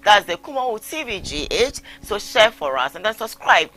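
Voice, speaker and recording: A man's voice: sits high, moderate pace. A Ghanaian man hosting a live talk show, reading out viewer messages and mixing English with Twi. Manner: animated, switching between English and Twi. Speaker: host. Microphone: live-streamed talk show.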